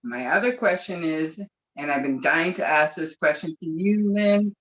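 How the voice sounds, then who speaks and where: A woman's voice: low-pitched, normal speed, a bit bright. Gushing woman on a lo-fi video call. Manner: gushing, rambling, emotional. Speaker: webinar participant. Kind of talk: emotional video-call testimony. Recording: dull lo-fi call audio.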